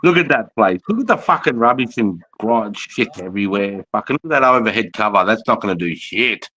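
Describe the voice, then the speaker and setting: Aussie bloke, lowish voice, blunt and sweary, rambling live chat. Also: male voice, animated, fairly quick, bright, forceful tone, low-quality recording. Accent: Australian. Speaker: livestream host, veteran. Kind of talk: casual live commentary.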